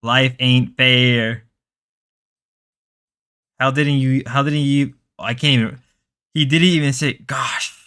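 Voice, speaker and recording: A male livestream host whose first language is Spanish, rambling and bantering with his chat in a loose, joking way. His voice is bright and forceful, with a clear, crisp tone. He keeps drifting into playful mock voices. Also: medium pitch, fairly even intonation, slow pace, pauses often. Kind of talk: casual stream chat with viewers.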